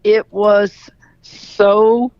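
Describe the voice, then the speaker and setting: Gravelly-voiced woman coach. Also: mid-range voice, flat delivery, drawn-out words, a little mellow, no room sound, dull audio. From Louisiana. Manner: candid, emphatic storyteller. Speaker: head coach, guest. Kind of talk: radio interview.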